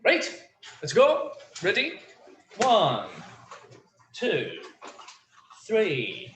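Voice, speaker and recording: A man with a high, slightly bright voice teaches an online English lesson, his pitch swooping wildly and his words drawn out. He's chatty and full of fillers as he drills the class on phrases to repeat. The recording has a roomy echo and faint room noise.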